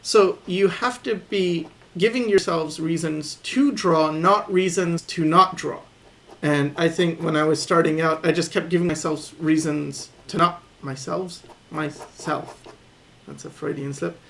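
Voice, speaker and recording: A man recording a voice-over as he sketches, calmly thinking aloud about his drawing habits and encouraging viewers to keep practicing. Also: on the high side, unhurried, gravelly. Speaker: artist teaching drawing. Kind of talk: voice-over commentary while sketching.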